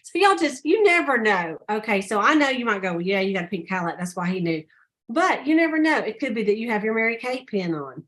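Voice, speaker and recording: Lady chatting on a call, kinda high voice, tells stories and does little voices. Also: big pitch swings, quick pace, fairly bright tone. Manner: chatty storyteller, acts out quotes with high voices. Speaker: sales director. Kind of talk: casual call sharing tips and stories.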